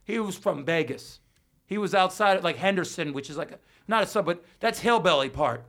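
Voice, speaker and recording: A man's voice: high-pitched, animated, brisk, a bit bright. A man hosting a podcast, telling rambling stories in casual, profane chat. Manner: profane, storytelling. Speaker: podcast host.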